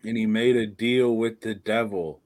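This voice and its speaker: A man with a lowish voice rambles through a horror podcast chat, laughing and swearing as he goes. He speaks slowly and takes his time. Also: fairly even intonation, darkish tone. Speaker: podcast co-host. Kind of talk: casual chat.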